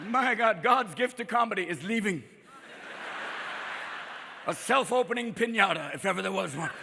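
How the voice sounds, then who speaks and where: A man doing a stand-up comedy set, rapid-fire and profane, jumping into character voices, recorded live with a faint crowd and ambience behind him. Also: sits high, animated, gravelly, long reverb tail, background noise. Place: live comedy venue with audience.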